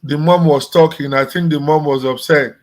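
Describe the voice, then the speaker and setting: A man from Nigeria in casual chat, speaking in a relaxed, conversational way with some restarts. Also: on the high side, moderate pace, rough recording.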